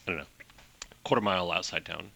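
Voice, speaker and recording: A man narrating a tabletop game as game master, playful and animated, adding sound effects. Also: deep voice, quick pace, vocal fry.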